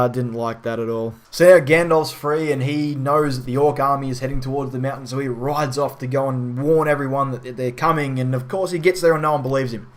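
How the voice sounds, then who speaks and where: Annoyed guy ranting through a movie review, swearing a lot, mid-pitched voice. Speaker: film reviewer. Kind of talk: casual spoken review.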